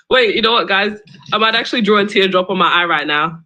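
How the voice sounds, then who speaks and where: A woman's voice: mid-range voice, fairly quick, sharp tone, poor audio. A young woman hosting a live debate stream, argumentative and exasperated, pressing her question again and again. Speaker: livestream debate host.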